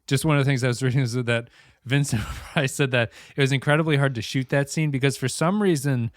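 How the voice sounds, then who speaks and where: A man's voice: medium pitch, brisk, dry recording, studio quality. Man chatting casually about a film. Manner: rambling, self-correcting, laughs often. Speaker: podcast co-host.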